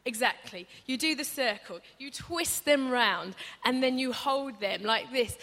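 Bright woman preaching in a reverberant hall. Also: high-pitched, animated, normal speed, few pauses. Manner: chatty and humorous, acts out stories with voices. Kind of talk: conversational sermon. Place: church hall.

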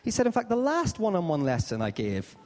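A man's voice: high-pitched, fairly quick. Man preaching in a reverberant hall. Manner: animated storyteller, acts out dialogue. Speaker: pastor. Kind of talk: Easter sermon with storytelling.

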